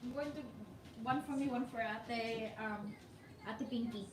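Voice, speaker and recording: Filipino woman in the background, relaxed asides, distant mic with faint room noise. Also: fairly high pitch, measured pace. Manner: casual asides, mixing in Tagalog words. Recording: echoey room, far from the mic.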